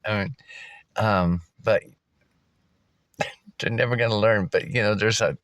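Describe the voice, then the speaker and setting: A man's voice: fairly low pitch, unhurried, a bit bright, dry recording. A man vlogging from a park, talking in a loose, rambling way with fillers and chuckles. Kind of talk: casual rambling vlog. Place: outdoors at a park.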